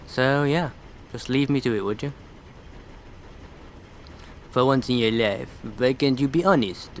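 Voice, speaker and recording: A man's voice: medium pitch, a little slow, a little hiss or hum. A man commenting casually on a video game he is playing, with sarcastic, irreverent asides. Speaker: let's play commentator.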